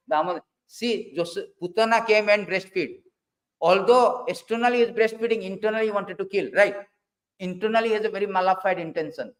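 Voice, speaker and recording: A man preaching a scripture class, animated, swinging from loud bursts to low asides and acting out quoted dialogue. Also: poor audio. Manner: quotes figures in dialogue, halting restarts.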